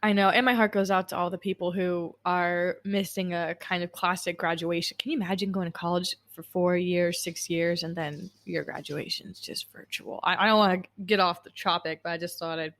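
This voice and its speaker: This young woman hosting a podcast has a lowish voice with a steady tone, a moderate pace and few pauses. Her talk in the casual interview is warm and long-winded, slipping into side stories.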